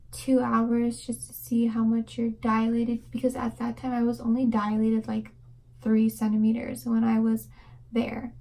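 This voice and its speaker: Young woman vlogger, mellow higher voice, chatty and rambling, slips into whispers. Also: vocal fry, low-quality recording. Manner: fast rambling with many fillers, drops to whispers. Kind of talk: casual storytelling to camera.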